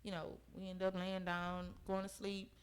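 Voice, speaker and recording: A woman's voice: on the low side, monotone, moderate pace, clean tone, low-quality recording. A young woman talking as a podcast guest, telling a personal story in an earnest, emphatic way and often checking in with her listeners. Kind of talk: conversational storytelling.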